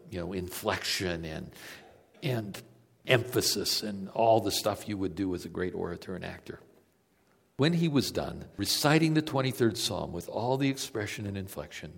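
A male preacher delivering a sermon, telling stories and moving between emphatic peaks and quiet, low passages. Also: husky, in a large hall.

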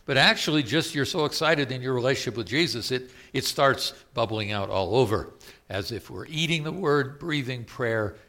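Bright-voiced Southern preacher. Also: male voice, mid-range voice. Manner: paraphrasing scripture in conversational asides. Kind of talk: sermon.

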